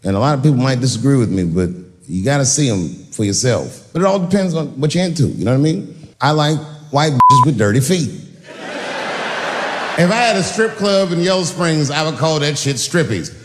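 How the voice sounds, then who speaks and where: A man's voice: fairly high pitch, brisk, background noise. A middle-aged man performing a stand-up comedy set, telling stories and acting out voices in a large venue. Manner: animated storytelling with acted-out voices. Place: large venue with a live audience. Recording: live hall recording with long reverb.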